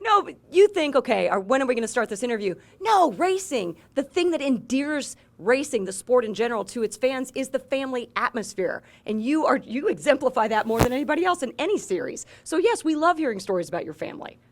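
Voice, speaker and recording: A woman hosting an interview, brisk and direct, pushing back on and teasing her guest. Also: high-pitched, big pitch swings. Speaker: podcast host. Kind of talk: casual interview talk.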